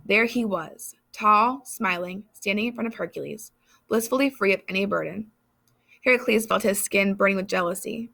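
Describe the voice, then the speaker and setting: A woman reading literary passages aloud in a measured, expressive way. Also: mid-range voice, creaky. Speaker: reader.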